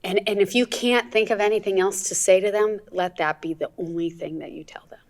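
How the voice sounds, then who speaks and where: A woman in her forties, a podcast guest, giving earnest advice that trails off softly at the ends of phrases. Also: mid-range voice, fairly even intonation, a little fast. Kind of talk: podcast conversation.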